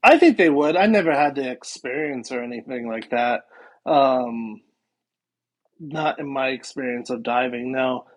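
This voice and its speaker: A man's voice: mid-range voice, unhurried. A man, a guest paranormal investigator, chatting casually on a podcast and rambling with many fillers.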